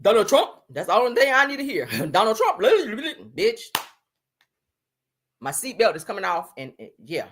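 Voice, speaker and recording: A woman's voice: medium pitch, very animated, normal speed, a bit bright, slight background noise. A woman from the US giving blunt, profane, sassy live-stream commentary, full of emphatic repeats.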